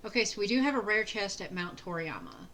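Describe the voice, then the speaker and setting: A woman's voice: mid-range voice, huge pitch swings, fast talker, a bit bright, slight background noise, poor audio. A woman streaming a video game, chatting casually and muttering along as she narrates her own moves. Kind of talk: casual let's-play commentary.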